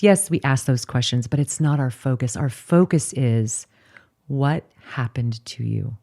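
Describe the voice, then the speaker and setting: A woman's voice: very deep voice, mellow. A woman in her forties, a clinical director and therapist, answering interview questions in an earnest, emphatic way.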